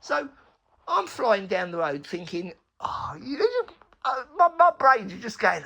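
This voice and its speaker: Gravelly, husky man telling a rambling story. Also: high voice, big pitch swings, unhurried, sharp tone. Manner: rambling, sweary, laughing asides. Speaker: recovery storyteller. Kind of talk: casual spoken storytelling.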